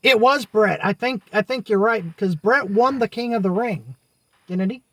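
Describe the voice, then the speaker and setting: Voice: medium pitch, moderate pace, a bit bright, no echo. Co-host reminiscing about old wrestling shows, lots of restarts, dry close sound. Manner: recalls old matches, many uh-huhs and restarts. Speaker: podcast co-host. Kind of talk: casual wrestling chat.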